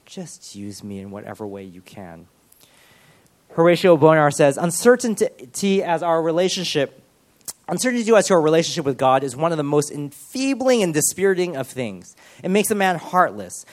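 A man preaches with earnest, animated energy, his voice sitting a little higher than most men's. He speeds up in eager bursts and stumbles over restarts as he pushes his point. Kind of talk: sermon.

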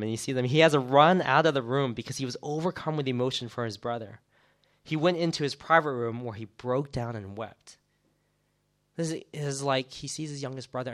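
A man teaching a bible passage casually, retelling it in an animated way with many acted quotes and fillers. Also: medium pitch.

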